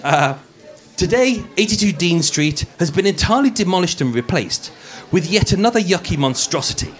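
A man's voice: high-pitched, expressive, a little fast. A man with a Birmingham accent hosting a live true-crime podcast, narrating with jokes and frequent stumbles over words. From England. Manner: jokey, self-deprecating, stumbles over words. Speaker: podcast host. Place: room with a live audience.

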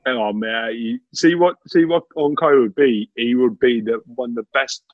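A man's voice: medium pitch, normal speed, no room sound, narrow, tinny audio. A man, a former footballer telling laughing anecdotes in casual chat. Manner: laughing, animated anecdotes with lots of "mate".

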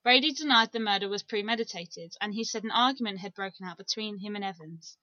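A woman's voice: medium pitch, fast talker, sharp tone, dry recording, highs cut off. A woman co-hosting a casual true crime podcast, chatty and giggly as she reads through case notes. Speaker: podcast co-host.

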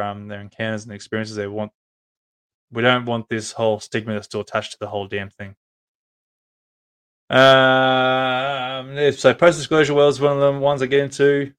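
A podcast host with an Australian accent chats casually on a live stream, rambling with lots of ums and restarts. His voice is mid-range and clean.

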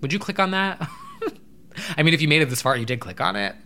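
Rambling young man vlogging, slightly high voice. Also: fairly quick. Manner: rambling, animated, swears casually. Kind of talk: casual chat to camera.

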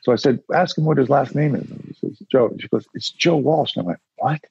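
A man's voice: mid-range voice, brisk, vocal fry, a little mellow, breathy edge, dry recording, lo-fi sound. A man telling stories as an interview guest in a rambling, casual way, acting out the voices of people he quotes. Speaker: guest, musician and former radio announcer. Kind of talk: casual storytelling.

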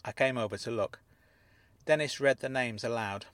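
A man narrating a first-person story with an expressive reading. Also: mid-range voice, moderate pace, no echo, studio quality. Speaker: audiobook narrator.

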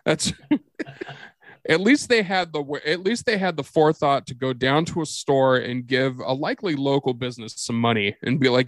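A man's voice: mid-range voice, animated, normal speed, no room sound. Profane laughing man riffing on a movie. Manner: profane, laughs often, jokey. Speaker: podcast host. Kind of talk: casual movie-riffing chat.

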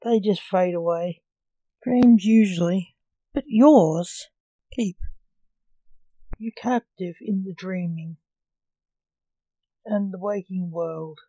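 Casting: woman reading as a calm, earnest male dream spirit in a storybook, low-key and unhurried, mellow tone. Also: no echo, poor audio.

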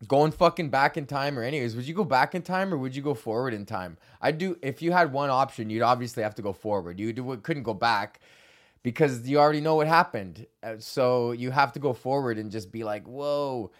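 A man's voice: mid-range voice, a little fast. A young man from Canada hosting his own podcast, rambling casually while stoned, swearing a lot and laughing often. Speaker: podcast host.

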